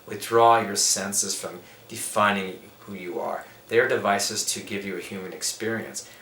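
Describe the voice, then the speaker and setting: A man's voice: on the low side, moderate pace, sharp tone. Emphatic middle-aged man in an echoey room. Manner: emphatic, preachy, lists points. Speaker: yoga teacher. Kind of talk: spiritual interview talk. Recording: echoey room with faint background noise.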